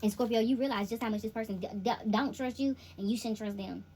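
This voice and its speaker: A woman's voice: fairly high pitch, fast, darkish tone, slightly rough, rough recording. A woman giving a casual tarot reading, speaking directly to the listener in an emphatic, repetitive, slangy way. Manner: informal slangy delivery. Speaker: intuitive tarot reader.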